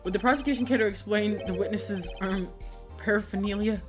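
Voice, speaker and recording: A woman's voice: mid-range voice, brisk, music in the background, lightly acted. A woman voicing a fussy old male judge in a game, formal and easily flustered.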